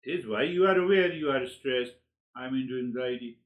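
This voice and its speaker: A man teaching a spiritual lesson in an animated, searching way. He repeats words like "you, you" as he reaches for the next thought. His voice sits at an ordinary middle pitch for a man. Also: fairly quick, rough recording. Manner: animated, acts out inner dialogues with sudden laughs. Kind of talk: spiritual lecture to seekers.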